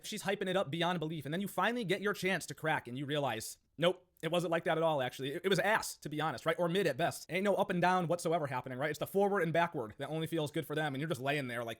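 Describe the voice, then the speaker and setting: A man's voice: fairly high pitch, expressive, racing, few pauses, a bit bright. A young man hosting reaction commentary, sarcastic and mocking as he talks. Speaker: commentary host.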